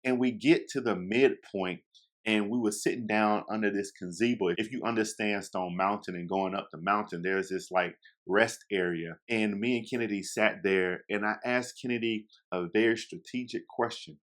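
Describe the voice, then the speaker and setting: A young man telling a casual story about his past, chatty and animated, acting out quoted lines and speaking directly to his listeners. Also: fairly low pitch, normal speed.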